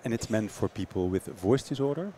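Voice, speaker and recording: Deep-voiced man, halting speech. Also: expressive, warm tone, a little hiss or hum. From Netherlands. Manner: hesitant, fillers and repeated words. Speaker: startup founder guest. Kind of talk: interview answers.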